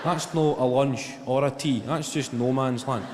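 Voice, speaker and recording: A man in his twenties with a Glaswegian Scottish accent, doing a stand-up routine and telling stories in an animated, profane way. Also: mid-range voice, normal speed, noisy background. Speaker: stand-up comedian. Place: live venue on stage. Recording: long hall reverb, loud ambience.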